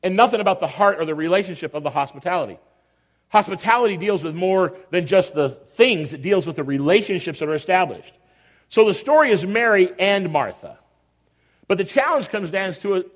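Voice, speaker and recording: A man preaching a sermon in a conversational, animated way, acting out everyday scenes. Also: high-pitched, brisk, long reverb tail.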